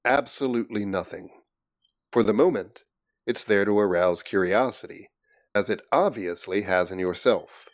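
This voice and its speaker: A man voicing a guarded, smooth millionaire who owns a snake park, answering politely but evasively. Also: on the low side, normal speed, no echo, clean studio sound, lightly acted.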